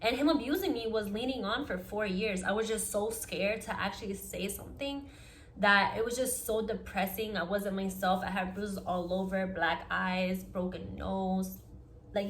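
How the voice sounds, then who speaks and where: A young adult woman telling a personal story on her vlog in an earnest, fast-flowing way, with lots of "like" fillers. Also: medium pitch, steady tone, fairly bright tone, slight background noise. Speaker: vlogger. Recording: echoey room.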